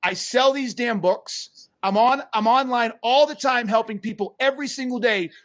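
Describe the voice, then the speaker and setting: A man co-hosting a podcast, ranting bluntly and profanely, at times breaking into shouts. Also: very high voice, moderate pace, lo-fi sound. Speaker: podcast co-host. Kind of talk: fired-up podcast rant.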